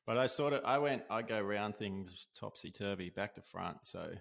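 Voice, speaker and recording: An Australian osteopath appearing as a guest tells a casual story in a laid-back way, saying "dude" and "like" a lot and laughing as he goes. His voice is low and gravelly yet a bit bright, expressive, at a moderate pace.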